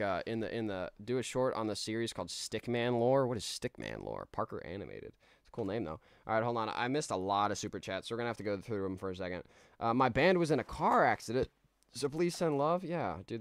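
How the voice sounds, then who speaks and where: A man's voice: on the low side, no room sound. A man streaming a game live, rambling in a laid-back way with many restarts as he reads out chat. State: tired.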